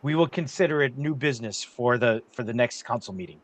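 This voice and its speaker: A man's voice: medium pitch, fairly quick, natural voice. A man voicing a commanding queen who speaks firmly with authority. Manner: firm, authoritative decree. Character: commanding queen presiding over a council.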